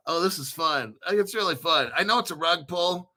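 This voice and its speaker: A man hosting a casual crypto livestream, rambling excitedly with frequent laughs and restarts. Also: a little high, moderate pace.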